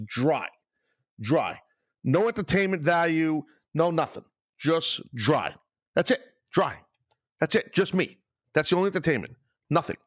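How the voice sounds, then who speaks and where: A man's voice: on the high side, no echo. Profane ranting man, dry studio mic. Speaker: podcast host. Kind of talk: solo podcast rant. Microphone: studio microphone, no music bed.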